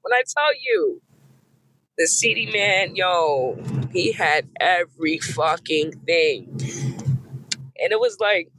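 A woman in her thirties from Boston, hoarse from a cold, hosting a podcast and telling a casual story with slangy, profane, emphatic repetition. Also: fairly low pitch, lively intonation, takes it slowly, long pauses, fairly bright tone, a little hiss or hum, poor audio. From Boston, USA. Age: 30s. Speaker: podcast host.

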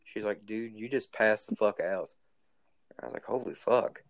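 A man's voice: on the low side, normal speed, gravelly, no echo, studio quality. A teenage boy telling rambling stories in casual chat, crude and swearing constantly. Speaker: guest storyteller.

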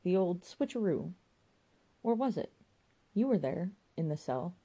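A woman's voice: on the low side, very animated, measured pace, warm tone, slightly rough, heavily acted. A woman voicing a smug, knowing male escapee explaining his trick. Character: escaped prisoner, slick brother, male.

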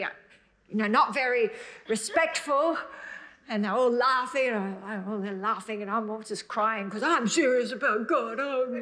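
A middle-aged woman preaching a sermon, earnest and emotional, rushing ahead in bursts, then slowing to soft, drawn-out emphasis. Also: fairly high pitch.

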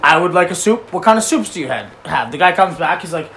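A man casually telling a profane story among friends, laughing and acting out the other voices loudly. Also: fairly high pitch, animated, fast. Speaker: podcast guest.

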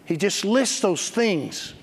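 A pastor preaches a sermon in a church sanctuary, emphatic and calling for responses from the congregation, with joking storytelling asides. His voice is high-pitched and sing-song, slow, with vocal fry and slight background noise. A long hall reverb surrounds the recording.

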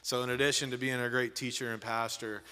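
Fast-talking, bright-voiced church pastor. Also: male voice, medium pitch, level tone, clean tone. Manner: warm, effusive praise. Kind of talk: introducing a guest speaker. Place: church hall. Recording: long church hall reverb.

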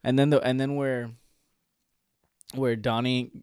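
Give me a man with an animated, quote-heavy storytelling style in a dry, close-miked chat. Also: medium pitch, clean tone, no echo. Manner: animated, quick to act out quotes and laugh. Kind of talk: casual chat retelling film scenes.

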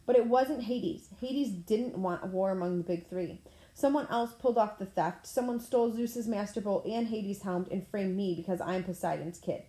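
A woman's voice: medium pitch, normal speed, dark tone. A woman reading a novel aloud in plain storytelling style, with the odd stumble over words. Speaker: audiobook reader. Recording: roomy echo.

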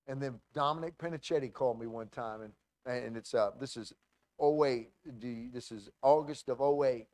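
A man pastor telling a story in a sermon, animated and full of restarts and acted-out quotes. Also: mid-range voice, normal speed, no room sound.

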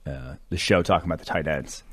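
A man's voice: rumbling low, quick pace, fairly bright tone. A man co-hosting a sports podcast, breaking down draft prospects in loose, rambling talk with lots of fillers. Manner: rambling, filler-heavy analysis. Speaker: co-host. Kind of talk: casual sports podcast chat.

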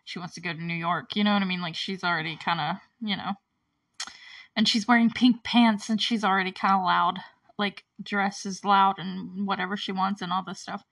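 A woman's voice: medium pitch, steady tone, normal speed, gravelly, a bit bright, rough recording. A woman hosting a casual movie recap, chatty and giggly, filling her talk with "like". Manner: chatty, giggly, heavy use of "like".

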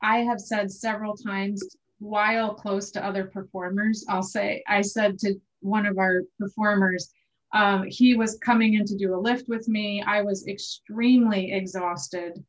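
A woman who directs performers, telling anecdotes in an animated, self-deprecating way during a conversation. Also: mid-range voice, unhurried. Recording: dull lo-fi sound.

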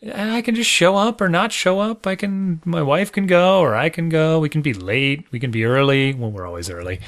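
A man's voice: fairly high pitch, lively intonation, brisk, a bit bright. A man in his thirties, a podcast co-host talking casually in a rambling, self-deprecating way with frequent restarts. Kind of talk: casual chat.

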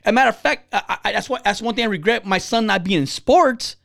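A man's voice: fast, creaky, no room sound, clean studio sound. A man in his thirties in casual chat, telling stories bluntly with lots of profanity and acting out the people he quotes. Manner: blunt, profane, animated storytelling; acts out quoted people with big pitch jumps.

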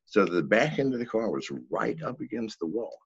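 An older man telling a story as a podcast guest, in a profane, animated way. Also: on the low side, moderate pace, gravelly, slightly rough, dry recording. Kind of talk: casual storytelling. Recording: dull, lo-fi, dry sound.

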